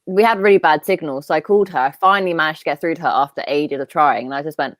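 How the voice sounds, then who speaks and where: A woman's voice: low voice, very fast, no echo. A young woman hosting a book chat, telling stories animatedly and laughing. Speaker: book club host. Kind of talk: casual chat.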